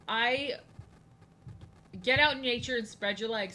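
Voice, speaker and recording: A woman's voice: medium pitch, fairly quick, bright, forceful tone, slight background noise, rough recording. A woman chatting casually on a live stream while she draws, rambling, repeating lines and poking fun at herself. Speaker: art streamer.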